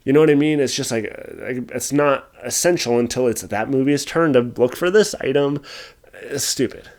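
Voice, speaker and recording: A man's voice: medium pitch, normal speed. A young man giving a casual spoken movie review, exasperated, rambling, and swearing often. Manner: animated, rambling with restarts.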